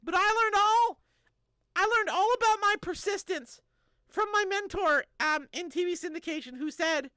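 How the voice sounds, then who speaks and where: A woman's voice: extremely high pitch, normal speed, bright, forceful tone, no echo. A woman in her thirties streaming live, chatting casually and joking as she answers chat messages.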